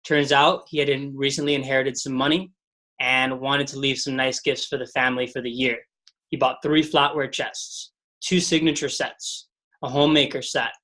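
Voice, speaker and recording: A man's voice: medium pitch, fairly bright tone. A man leading a motivational sales training call, telling stories and repeating mantras with energy.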